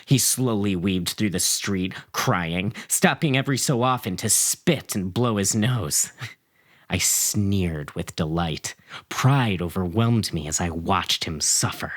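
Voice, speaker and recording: A man reading a dark first-person story aloud in a theatrical way, playing up the narrator's rage. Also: low voice, takes it slowly. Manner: theatrical, swings into shouting for quoted rage.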